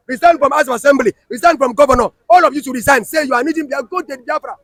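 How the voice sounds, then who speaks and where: A man's voice: very high-pitched, racing, a bit bright, dry recording. A man with a Nigerian Pidgin accent, arguing emphatically and repeating himself in a heated street interview. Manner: emphatic, repetitive, scolding.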